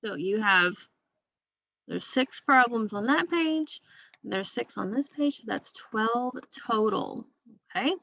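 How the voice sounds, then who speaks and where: A woman's voice: on the high side, lively intonation, slow pace, creaky, pushed and bright, dry recording, dull audio. A woman teacher giving a recorded class lesson to young students, patient and repetitive, checking understanding with frequent okays.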